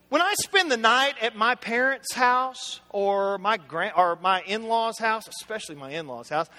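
A man's voice: very high voice, pushed and bright. A middle-aged man preaching a conversational sermon, chatty and anecdotal, talking straight to his congregation. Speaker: pastor. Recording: hall reverb.

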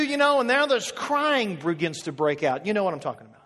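A male pastor preaching a sermon, telling an animated story with many asides and restarts. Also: high voice, brisk. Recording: echoey hall with long reverb.

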